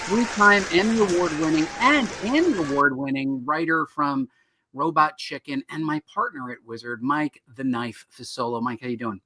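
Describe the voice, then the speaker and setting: A man's voice: on the high side, lively intonation, moderate pace. A man hosting a live online talk show about comics, joking and teasing himself and his co-host. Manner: jokey, self-deprecating, upbeat.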